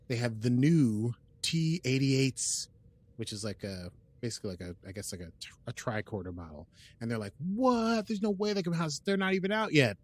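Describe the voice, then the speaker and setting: A man hosting a podcast and recapping an episode in casual chat, rambling with lots of fillers and slipping into quick quoted asides. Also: mid-range voice. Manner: rambling, with frequent fillers and restarts; plays out characters' lines in quick quoted asides. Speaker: podcast host.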